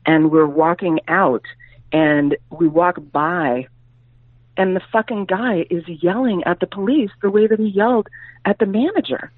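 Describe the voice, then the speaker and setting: A woman comedian in a casual podcast chat, telling stories in a profane, animated way. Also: on the low side, a little slow. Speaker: comedian guest. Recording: tinny phone-like, dry sound.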